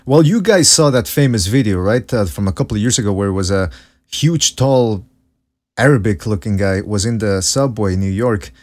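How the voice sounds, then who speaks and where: A man's voice: on the low side, animated, moderate pace. A man co-hosting a casual boxing podcast, telling a story in a rambling way with frequent restarts. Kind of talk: casual chat.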